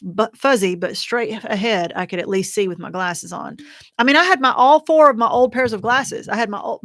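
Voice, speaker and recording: A middle-aged woman hosts a livestream for widows, chatting casually through a long story full of fillers and restarts. Her voice is fairly high and fairly bright. It comes through a computer or phone mic, yet the recording is dry and studio-quality.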